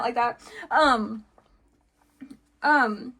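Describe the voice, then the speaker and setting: A woman's voice: on the high side, moderate pace, fairly bright tone. A woman giving a casual tarot reading, rambling and chatty with lots of fillers and restarts, laughing between thoughts. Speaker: tarot reader.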